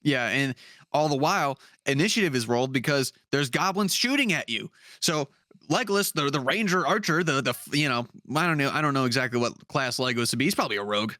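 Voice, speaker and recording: A man's voice: medium pitch, animated, fast talker, bright, forceful tone, dry recording. Guy cohosting a podcast, dry close sound, rambly, swears a lot, says uh and you know constantly. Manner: rambling, profane, many fillers. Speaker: podcast co-host. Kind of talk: casual chat about tabletop games.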